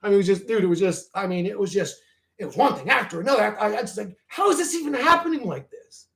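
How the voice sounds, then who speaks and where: A man with a notably high-pitched speaking voice rambles through a story in loose, casual chat. He swears constantly and keeps circling back on himself. His voice climbs and drops in excitable bursts as he gets worked up. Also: fast talker, creaky. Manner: excitable, rising and falling in bursts. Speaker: channel host.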